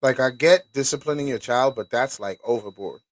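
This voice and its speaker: A man's voice: mid-range voice, brisk, no echo, poor audio. A man hosting a podcast, talking casually and bluntly with profanity and asides to his listeners while reading a document aloud. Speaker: podcast host.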